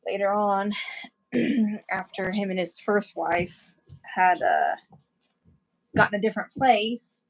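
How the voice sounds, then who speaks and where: A woman co-hosting a casual chat while painting, telling stories and laughing easily. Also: mid-range voice. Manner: chatty storyteller, laughs easily. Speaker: co-host, artist.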